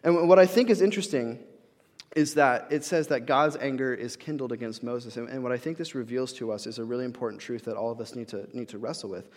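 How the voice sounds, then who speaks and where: A young adult man preaches a conversational sermon full of casual fillers and restarts, acting out the voices he quotes. He speaks quickly at a medium pitch with a darkish tone. A long hall reverb colours the recording.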